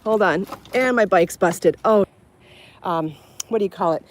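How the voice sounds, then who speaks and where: A woman hosting a podcast live stream walks her bike outdoors toward a beach, talking into a phone held in her hand. Her medium-pitched voice is a little slow, with slight hiss or hum. She's casual, chatty and apologetic, laughing often and out of breath.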